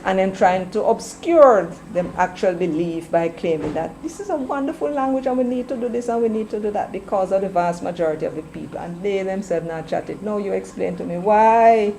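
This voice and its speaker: A woman's voice: medium pitch, creaky, noisy background. A woman with a Jamaican accent hosting an opinionated commentary stream, emphatic and mixing patois into her English. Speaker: commentary show host.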